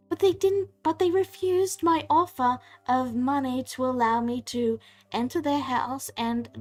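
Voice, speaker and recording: A woman's voice: sits high, darkish tone. A woman voicing a whiny male elf prisoner who stammers and pleads to be let out. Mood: defensive.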